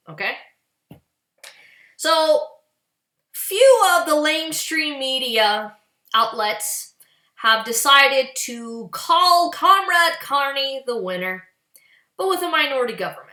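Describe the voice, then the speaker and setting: Angry canadian woman swearing through a political rant, high bright voice, slow and echoey. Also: big pitch swings. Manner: furious, profane, sarcastic. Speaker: political vlogger.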